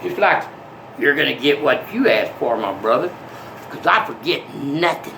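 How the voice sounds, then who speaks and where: An older man in a rambling monologue that swings from soft to menacing. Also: medium pitch, expressive, normal speed, vocal fry, noisy background.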